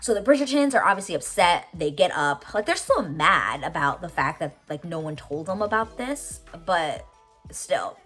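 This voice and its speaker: A woman's voice: lowish voice, sing-song, normal speed, fairly bright tone, husky, soft background music. A young woman recapping a TV episode in a casual, gushing way, swearing freely and saying "like" a lot. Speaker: TV reaction vlogger.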